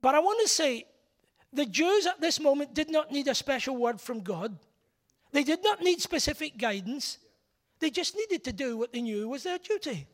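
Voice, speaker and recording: Man, preacher, sermon, middle-aged, high-pitched, emphatic, repeats words for force. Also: lively intonation, moderate pace.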